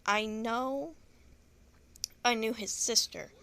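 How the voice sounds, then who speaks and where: A woman's voice: fairly high pitch, slow pace, gravelly, pushed and bright. A young woman with a Texan accent telling a long story in a rambling, profane, frank way. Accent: Southern US (Texan). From Texas. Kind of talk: casual storytelling monologue.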